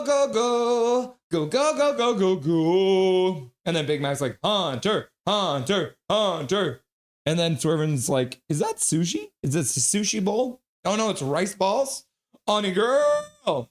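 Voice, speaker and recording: A man with a slightly high voice runs a live hockey stream, calling the play-by-play and reading chat aloud. He's excitable and prone to chanting and yelling.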